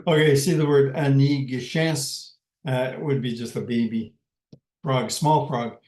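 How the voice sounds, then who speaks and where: A man teaching a language class slowly and patiently, pausing often and repeating words as he explains them. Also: mid-range voice, steady tone, darkish tone. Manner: hesitant, many pauses and fillers, repeats words. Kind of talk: slow, patient language lesson. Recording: roomy echo.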